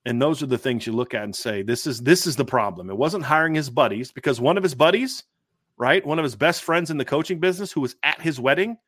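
A man's voice: on the high side, animated, fast talker, a bit bright, dry recording, studio quality. Emphatic man talking college football. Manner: emphatic, lots of restarts and rhetorical questions. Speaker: podcast co-host, football analyst. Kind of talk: casual sports podcast chat.

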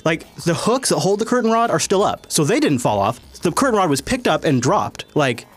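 A man hosting a tech podcast in casual chat, rambling and animated, laughing often. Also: on the high side, brisk. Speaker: podcast host.

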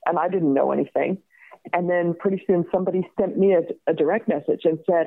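A woman's voice: on the low side, fast talker. Laughing woman telling a story over the phone. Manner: lively, laughs often, acts out voices in her story. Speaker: guest, crime survivor. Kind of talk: personal storytelling in an interview. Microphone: phone call. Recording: tinny phone line.

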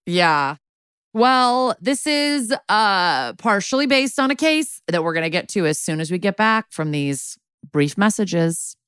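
Lively, giggly woman co-host. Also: mid-range voice, a little slow, smooth, dry recording, clean studio sound. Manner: laughs easily, reacts. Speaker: podcast co-host. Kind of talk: casual podcast chat.

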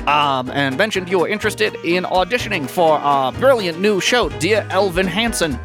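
A man's voice: high-pitched, lively intonation, moderate pace, music in the background, voice pushed up. A man voicing a tall, scraggly, flustered male elf who stammers and apologizes.

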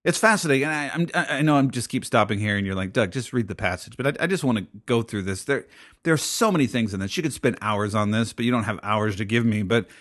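A man's voice: mid-range voice, fast, a bit bright. A man preaching a sermon in a conversational way, thinking aloud with many restarts and asides. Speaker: pastor.

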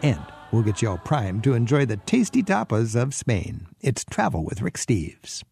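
Male radio travel host, conversational presenter; gravelly tone, faint music bed. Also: medium pitch, sing-song, normal speed, a little mellow, no room sound. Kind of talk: radio interview and show narration.

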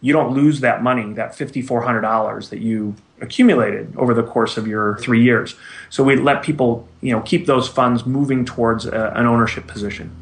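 A man's voice: medium pitch, steady tone, moderate pace, vocal fry. A man, a guest on a podcast interview, plainly explaining how his company works. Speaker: guest, rent-to-own company owner.

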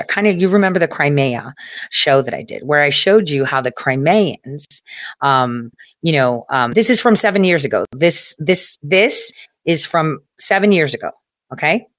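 Ein Moderator mit einer durchschnittlich hohen Stimme plaudert locker und weitschweifig in einem trockenen, hallfreien Raum. Er füllt Pausen mit vielen Füllwörtern, flucht gelegentlich und lacht immer wieder kurz auf. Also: medium pitch, a bit bright, no room sound, clean studio sound. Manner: rambling, with filler words, profanity and chuckles. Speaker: commentary show host. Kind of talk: casual political commentary monologue.

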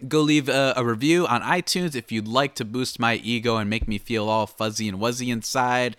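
A man's voice: mid-range voice, moderate pace, hardly any pauses, fairly bright tone, clear, resonant tone, soft background music. A man hosting a sports podcast, talking in an upbeat, casual way with fillers. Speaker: podcast host.

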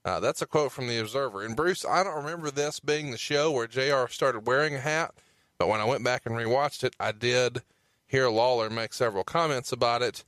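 A man's voice: mid-range voice, fairly quick, a bit bright, no echo. A man hosting a podcast, casually reading quotes and steering questions. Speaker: podcast host.

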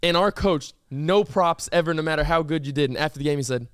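A young man hosting a casual podcast, telling stories in an animated way and teasing his guest in loud, disbelieving bursts. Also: on the high side, fast, clear, resonant tone, dry recording, studio quality. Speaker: podcast host. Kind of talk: casual chat.

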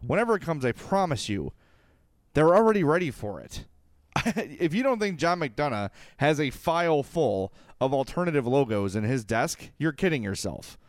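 A sports podcast co-host from Illinois, giving opinionated hockey talk in an emphatic, repetitive, lecturing way. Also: male voice, fairly high pitch, very animated, moderate pace, dry recording. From Illinois, USA.

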